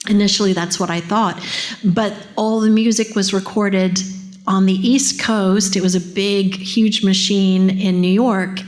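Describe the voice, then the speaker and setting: A middle-aged woman, a voice actress, talking casually and eagerly at a convention panel, often drifting into tangents. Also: mid-range voice. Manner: chatty, enthusiastic, wanders into tangents.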